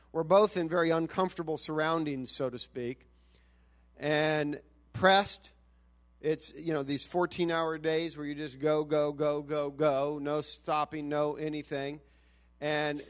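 A man, the church's pastor, earnestly introducing a guest speaker to the congregation, often restarting his sentences. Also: a little high.

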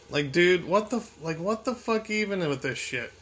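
A man's voice: on the high side, takes it slowly, few pauses, pushed and bright. A young man commentating his gameplay, frustrated, swearing and talking back at the game. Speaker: gamer.

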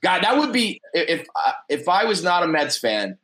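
A man's voice: high voice, big pitch swings, normal speed, fairly bright tone, rough recording. A middle-aged man co-hosting a casual sports podcast, rambling with restarts and easy laughter. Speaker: podcast co-host.

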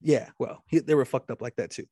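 A man's voice: a little fast, dark tone, breathy edge, no echo, studio quality. Man telling a story with profanity. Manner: rambling storytelling with frequent profanity and restarts; quotes the other man at length in a low voice. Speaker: storyteller in casual talk. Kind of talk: casual chat.

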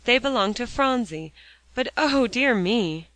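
A woman voicing a cheerful, earnest young girl who speaks with excited feeling. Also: on the low side, moderate pace, no room sound.

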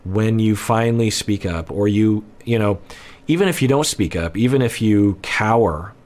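Male counselor-host, low register, measured analytical commentary. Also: darkish tone. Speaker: relationship counselor. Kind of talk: reaction commentary.

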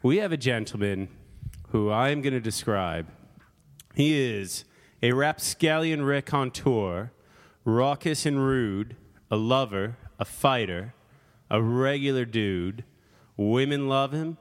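A man's voice: medium pitch, animated, slow pace, in a large hall. A man hosting a casual podcast chat, playful and jokey, laughing often. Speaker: podcast host. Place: studio in Brooklyn.

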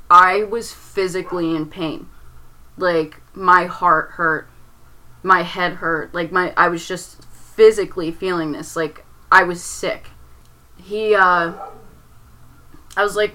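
A young woman speaks in a lower register with a bright, forceful edge to her tone. She tells a painful personal story in a loose, rambling way, leaning on "like" and restarting her sentences as she goes. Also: low-quality recording. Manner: rambling, heavy use of "like", restarts under strain.

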